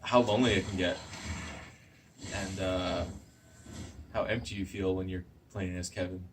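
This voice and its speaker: Very deep-voiced deadpan man. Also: moderate pace, background noise. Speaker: guest. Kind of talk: deadpan comedy gaming chat.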